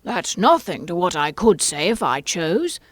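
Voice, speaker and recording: A woman's voice: on the low side, sing-song, unhurried, no echo. A woman voicing a fawning, moralizing duchess who agrees with everything, reading an audiobook role. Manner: agreeable, sermonizing, sing-song.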